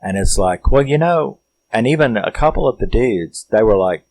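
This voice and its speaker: A man's voice: medium pitch, lively intonation, moderate pace, darkish tone, rough recording. A man casually recapping a horror movie, rambling and swearing as he tells the story. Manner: rambling, profane, laid-back storytelling. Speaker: film reviewer.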